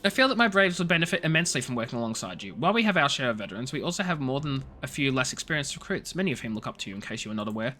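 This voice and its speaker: A man reading the lines of a stern female military commander in a game, in a formal, measured manner, with faint game music behind. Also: medium pitch, very animated, pushed and bright.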